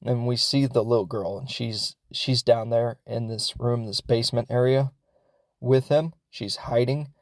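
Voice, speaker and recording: This man speaks at medium pitch with a steady tone and measured pace, and there's no room sound. Hosting a podcast, he recaps a film in a loose, rambling way, full of fillers and his own laughter.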